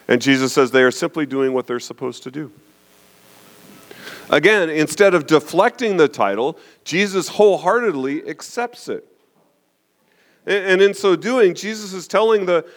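Man preaching, checking in with "okay?". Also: a little high. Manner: frequent "okay?" check-ins, restarts, rhetorical questions. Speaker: pastor. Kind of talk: sermon.

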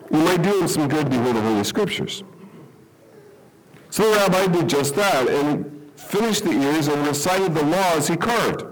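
A man's voice: on the high side, a little hiss or hum, rough recording. A man preaching a sermon, telling a story and then reading scripture in a conversational way. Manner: conversational, checks in with "okay?". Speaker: pastor.

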